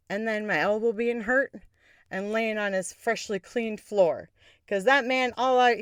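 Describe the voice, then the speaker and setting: A woman hosts a podcast, telling a personal story with candor and sarcasm and often bursting into laughter. Her mid-range voice has a clean tone, recorded with studio quality and no echo, in a casual storytelling style.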